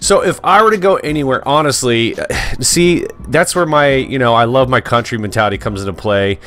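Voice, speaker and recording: A man's voice: medium pitch, moderate pace, fairly bright tone, slight background noise. A man co-hosting a podcast in easygoing casual chat, leading with questions and folksy phrases. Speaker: podcast co-host.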